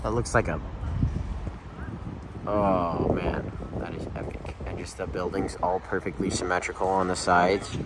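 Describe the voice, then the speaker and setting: Young man vlogging over loud street noise. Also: low-pitched, little pitch movement, unhurried, pauses often. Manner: upbeat, easygoing, chatty. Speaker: travel vlogger. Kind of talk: casual vlog narration. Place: outdoors in a town.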